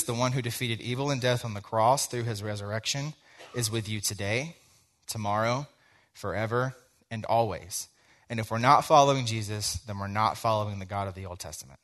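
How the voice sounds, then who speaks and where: A young man delivers a sermon in a relaxed, conversational way, slipping into a personal story and acting out both sides of the dialogue. His voice sits a little on the low side. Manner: conversational, tells a story with quoted dialogue, frequent "like". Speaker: teacher giving a sermon.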